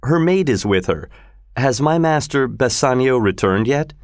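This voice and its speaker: A man's voice: mid-range voice, animated, a little slow, darkish tone, dry recording, clean studio sound, pitched above the performer's own voice. A man voicing a plain, dutiful young male messenger in a storybook reading.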